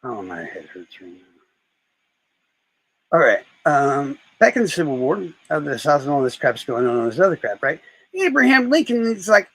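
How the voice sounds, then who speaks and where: A man's voice: fairly high pitch, big pitch swings, normal speed, fairly bright tone, slightly rough, no echo, poor audio. A man chatting casually on a live stream, rambling and swearing as he tells stories. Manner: rambling, profane storytelling.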